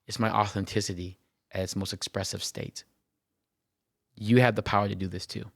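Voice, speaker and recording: A low-pitched man with a gravelly, creaky edge, speaking as a therapist on his podcast. He talks earnestly and reflectively, repeating himself and tagging his points with a quick "right?". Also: flat delivery, no room sound, clean studio sound. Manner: earnest, repeats phrases, tags lines with "right?". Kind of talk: personal reflective podcast monologue.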